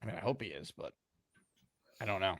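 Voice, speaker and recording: A man's voice: low voice, animated, a little fast, a bit bright, no room sound, studio quality. A man hosting a casual sports talk show, laid-back and wry, reading out viewer messages. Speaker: show host.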